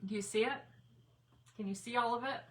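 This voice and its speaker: A woman's voice: a little high, fairly even intonation, brisk, a little hiss or hum, low-quality recording. A middle-aged woman, hosting a casual craft livestream, folksy and chatty as she greets viewers by name. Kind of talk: casual live-stream chat.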